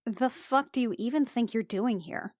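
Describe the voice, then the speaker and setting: A woman's voice: a little high, normal speed, darkish tone, no room sound, studio quality. A woman playing in a tabletop game, blunt and impatient, swearing as she questions a captive. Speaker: player. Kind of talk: casual tabletop play.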